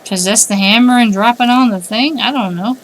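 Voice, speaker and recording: Wry, chatty woman streamer, a bit high. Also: fairly quick. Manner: wry, chatty, thinking aloud and reading on-screen text. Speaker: game streamer. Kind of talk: casual let's-play commentary.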